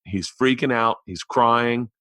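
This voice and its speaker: A man in his forties tells a loose, profane story on his podcast, rambling from one aside to the next with plenty of energy. His voice sits at an ordinary middle pitch, and the close studio mic keeps the sound dry and tight. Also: slow, fairly bright tone, dry recording. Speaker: podcast host. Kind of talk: casual storytelling monologue.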